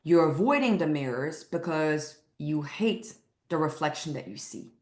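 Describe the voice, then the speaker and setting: A woman's voice: sits low, lively intonation, a little slow, darkish tone, roomy sound. A woman weight loss coach speaking to camera with emphatic, repeated motivational lines.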